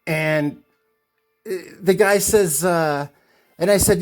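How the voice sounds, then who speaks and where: A man's voice: a little high, lively intonation, normal speed. Indignant man ranting about a bad shop visit. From United States. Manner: indignant, retells arguments with quoted voices, many fillers and restarts. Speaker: comic collector vlogger. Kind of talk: ranting storytelling vlog.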